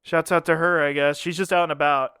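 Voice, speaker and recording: A man's voice: a little high, level tone, fairly quick, pushed and bright, clear, resonant tone, dry recording, studio quality. A man co-hosting a podcast, chatting casually and joking, often laughing. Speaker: podcast co-host. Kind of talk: casual comedic chat.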